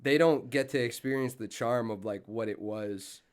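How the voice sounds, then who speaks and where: A young man, a musician guest on a podcast, talking in a relaxed, laid-back way that often trails off softly. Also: mid-range voice, moderate pace, smooth. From Boston. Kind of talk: casual podcast chat.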